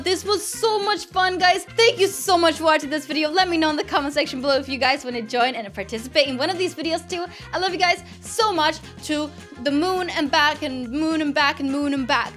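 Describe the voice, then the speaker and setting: Young woman gamer gushing nonstop over her game, highish voice, soft music underneath. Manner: gushing, excitable, chatty. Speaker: gaming YouTuber. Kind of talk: Roblox gameplay commentary.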